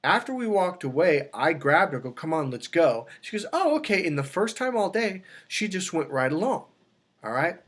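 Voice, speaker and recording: A man's voice: a little high, normal speed. A man coaching on dating, talking casually to camera and telling a story with lots of restarts and self-corrections. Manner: animated storytelling, acts out quoted dialogue.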